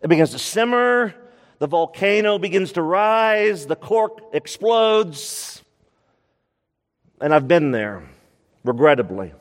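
Preaching man in a reverberant hall. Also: high-pitched. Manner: expressive preaching, slows down for emphasis, voices scripture quotes. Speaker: pastor. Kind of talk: sermon.

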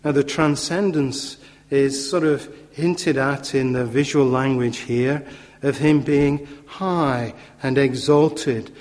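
A man preaching a sermon in a measured, emphatic way, with occasional fillers and repetition for stress. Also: medium pitch, fairly even intonation, a little mellow. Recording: long hall reverb.

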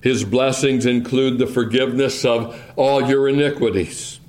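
A man preaching a sermon as pastor, reading King James scripture in a deliberate, measured way. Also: mid-range voice, steady tone, a little mellow.

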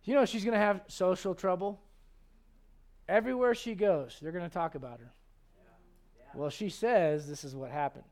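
High-voiced animated male pastor. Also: normal speed, pauses often. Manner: animated, joking, acts out quoted voices. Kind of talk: sermon.

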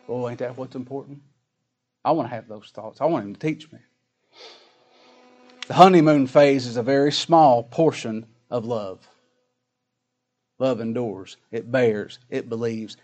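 A middle-aged man preaching a sermon, folksy, swinging from loud emphatic scripture reading to quiet asides. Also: medium pitch, moderate pace, long pauses. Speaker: pastor.

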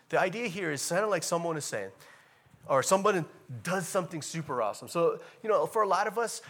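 A man preaching a sermon in a casual, animated way, repeating key phrases and rising to loud emphatic bursts. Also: on the high side. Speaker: pastor.

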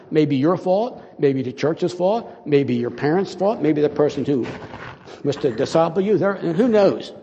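A man's voice: sits high, a little mellow. Older man preaching in an echoing hall. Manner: rambling, conversational, acts out little dialogues. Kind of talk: informal sermon. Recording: dull sound with long hall reverb.

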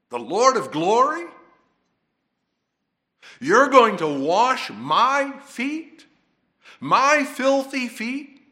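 A man's voice: very high-pitched, pushed and bright, voice pushed up, exaggerated voice. A man voicing an impetuous fisherman disciple who protests in disbelief, his voice raised and pleading. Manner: exclaiming, pleading.

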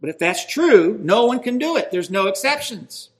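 A man's voice: sits high, animated, moderate pace, a bit bright. A man preaching a sermon, emphatic and building in intensity as he stresses his points.

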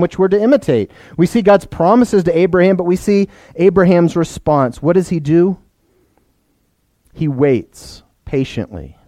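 A man's voice: on the high side, dark tone, no room sound. A man preaching a sermon to his church, explaining plainly and putting questions to the children. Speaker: pastor.

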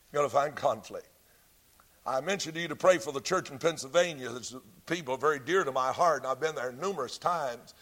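Emphatic high-voiced Baptist preacher. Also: male voice, fairly bright tone. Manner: emphatic, repeats key phrases, drawn-out stresses. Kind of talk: sermon.

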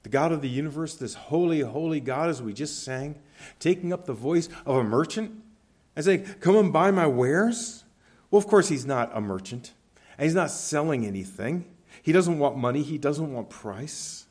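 A man's voice: animated, normal speed, a little mellow, breathy edge. Earnest male preacher. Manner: earnest preaching, rising to emphatic peaks and dropping low. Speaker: pastor. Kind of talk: sermon.

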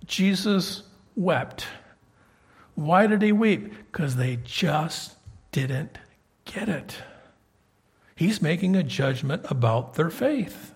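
A man preaching a sermon and reading scripture aloud, conversational and emphatic, swinging between loud and soft. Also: fairly high pitch, animated, slow pace, long pauses, husky.

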